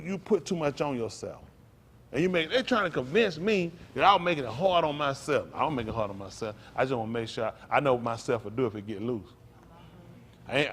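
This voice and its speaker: A man preaching a sermon, talking straight to the congregation and repeating his phrases. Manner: conversational preaching, calls out to the congregation; repeats phrases, swings from low murmurs to loud raised lines. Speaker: pastor.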